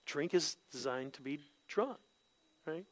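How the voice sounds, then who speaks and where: A man with a notably high speaking voice delivers an expository sermon in a relaxed, conversational way. He checks in with his listeners by asking "right?" again and again. When he quotes someone, he acts the words out with sudden jumps in pitch. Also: measured pace. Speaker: pastor.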